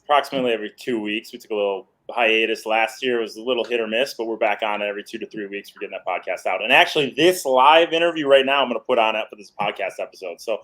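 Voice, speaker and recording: A man's voice: fairly low pitch, fast, few pauses, a bit bright, poor audio. A man who co-hosts a swimming podcast, bantering and joking in a casual live interview. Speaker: swim podcast co-host.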